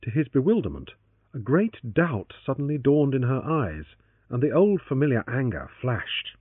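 A man's voice: medium pitch, very animated, normal speed, husky, no room sound. A man narrating an adventure novel as an audiobook. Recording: tinny phone-like, dry.

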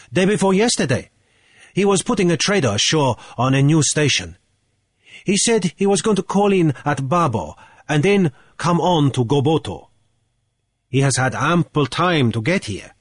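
Guy reading as a calm card player talking it through, husky voice that bounces around in pitch. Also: no room sound, studio quality. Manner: measured, deliberate reasoning.

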